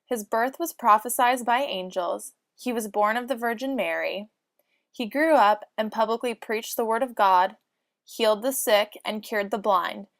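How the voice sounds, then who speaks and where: A woman's voice: fairly high pitch, unhurried, no echo, clean studio sound. A woman narrating a comic storybook in mock-solemn lolcat speak.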